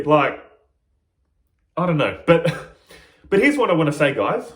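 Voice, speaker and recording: A man's voice: on the high side, sing-song, unhurried, long pauses, fairly bright tone, reverberant. A man speaking as a spiritual teacher in a reflective monologue, playful and often laughing at himself.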